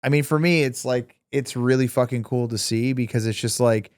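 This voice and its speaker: A man's voice: mid-range voice, steady tone, moderate pace, darkish tone, smooth, no echo, clean studio sound. A man co-hosting a podcast, chatting casually in a rambling way with heavy swearing. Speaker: podcast co-host. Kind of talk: casual chat.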